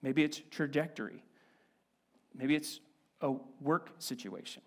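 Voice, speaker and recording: A man preaching a sermon as a pastor in a church, animated and conversational with playful asides. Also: fairly high pitch, unhurried.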